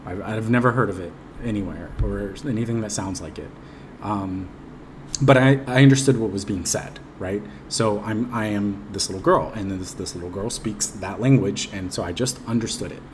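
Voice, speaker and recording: A man's voice: fairly low pitch, normal speed, slight background noise. A man casually retelling a dream in a rambling, hesitant way, full of ums and restarts. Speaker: vlogger recounting a dream. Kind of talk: casual personal storytelling.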